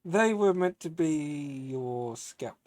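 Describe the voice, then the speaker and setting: A man's voice: on the high side, expressive, takes it slowly, a little mellow. A man as an evasive military commander.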